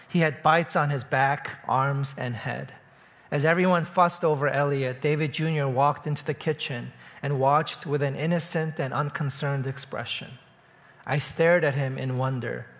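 A man, a church pastor, delivering a sermon that includes a story read aloud, telling it steadily and growing quieter toward the close. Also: a little high, creaky.

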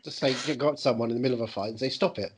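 A man with a husky, breathy voice chats through a TV recap, cutting in with dry, sarcastic jokes. His tone is loose and teasing, and he often pokes fun at the characters. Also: medium pitch, racing. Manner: sarcastic, joking asides. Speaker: podcast co-host. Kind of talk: casual chat.

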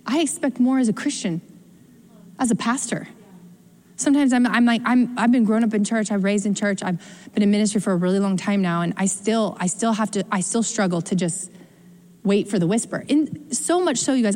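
Woman pastor, sermon, conversational and animated, mid-pitched voice, long hall reverb. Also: moderate pace. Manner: animated, conversational, acts out quotes with big pitch jumps. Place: church.

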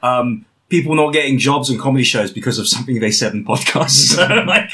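Bright-voiced rambling podcast host. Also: male voice, mid-range voice, expressive, a little fast. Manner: rambling, self-deprecating, laughs often. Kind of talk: casual comedy podcast chat.

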